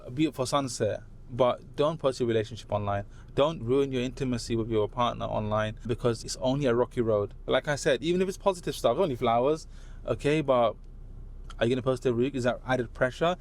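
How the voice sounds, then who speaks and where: A man from London with a London English accent, a podcast guest telling animated stories and tagging his points with "right?". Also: mid-range voice, a little fast. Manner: animated anecdotes, tags statements with "right?". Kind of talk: casual chat, storytelling.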